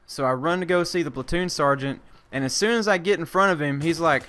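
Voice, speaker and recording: A man's voice: on the high side, a little fast, few pauses, pushed and bright, clean tone. A man, an army veteran vlogger, telling a casual story, rambling with many fillers and restarts and casual swearing.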